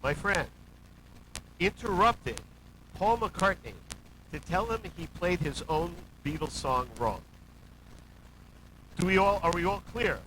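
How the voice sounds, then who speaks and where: A male host in a casual interview, with a bright, forceful voice a little above the usual pitch. He breaks in with wry, emphatic remarks. There is faint noise behind him. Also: animated, takes it slowly, pauses often, rough recording.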